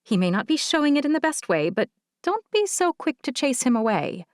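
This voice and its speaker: A woman narrating an audiobook, voicing a kind, frank older female social worker who speaks gently and candidly. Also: high-pitched, sing-song, a little fast, no echo, studio quality, voice pushed up. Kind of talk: audiobook character voice.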